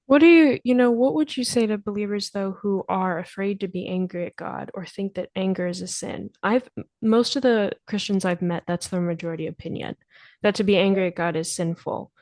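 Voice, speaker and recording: A woman interviewer asking thoughtful, measured questions about faith. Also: medium pitch, a little mellow, no room sound.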